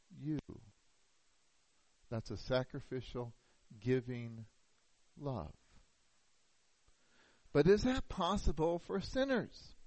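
A middle-aged pastor preaching a sermon, telling a story and asking rhetorical questions. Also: male voice, medium pitch, dry recording, rough recording.

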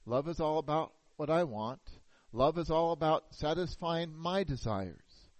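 A middle-aged pastor preaching a sermon, telling a story and asking rhetorical questions. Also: male voice, on the high side, animated, measured pace, no echo, muffled recording.

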